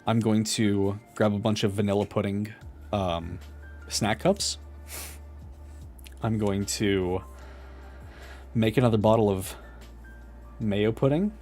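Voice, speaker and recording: A young adult man chatting casually while building a model kit, animated and laughing through his story. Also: fairly low pitch, slow pace, pauses often, faint music behind.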